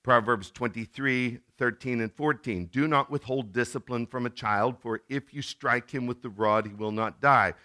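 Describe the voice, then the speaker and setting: A middle-aged man preaching a sermon in a conversational tone, now and then acting out scenes in sudden loud bursts. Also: medium pitch, moderate pace, few pauses. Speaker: pastor.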